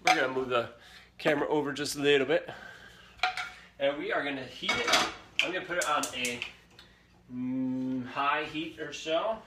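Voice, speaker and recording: A man's voice: fairly high pitch, normal speed, pauses often, noisy background. A young man hosting a live cooking show from a home kitchen, chatty and upbeat, talking straight to his viewers. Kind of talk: casual live cooking demonstration. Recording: echoey kitchen with faint sizzling.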